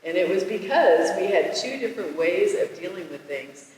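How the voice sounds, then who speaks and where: A man with a slightly raised voice speaks earnestly and haltingly about his marriage. He is far from the mic in a very echoey room with a long reverb tail. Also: high voice, animated, a little mellow, a little hiss or hum. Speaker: married discussion participant. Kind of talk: casual Bible discussion.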